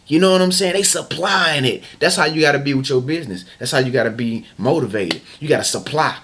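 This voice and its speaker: A man's voice: on the high side, a little fast, a bit bright, husky. A man giving a casual, slangy motivational talk as a vlog host, hammering phrases again and again and often restarting sentences. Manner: emphatic and repetitive, hammering phrases over and over. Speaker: motivational vlogger.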